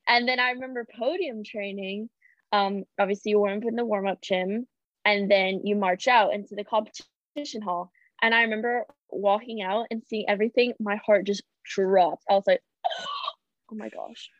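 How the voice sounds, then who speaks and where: A woman's voice: medium pitch, no room sound. A young woman, an Olympic gymnast, chatting casually as a guest and acting out the reactions she quotes, with frequent "like" fillers. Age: young adult. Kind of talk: casual storytelling chat. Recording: dull, dry lo-fi audio.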